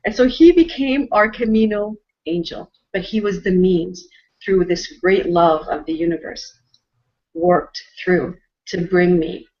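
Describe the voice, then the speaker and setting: Earnest storytelling woman, low voice. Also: a little slow. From Canada. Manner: earnest, emotional, with frequent restarts. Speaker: host and storyteller. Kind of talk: heartfelt personal storytelling. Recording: dull lo-fi audio.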